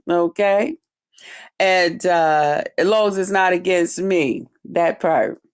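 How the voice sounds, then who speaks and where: A woman's voice: on the low side, slow. Swearing, preachy woman host. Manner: preachy, emphatic, repeats catchphrases; swears freely, laughs often. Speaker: YouTube channel host. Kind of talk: casual commentary livestream.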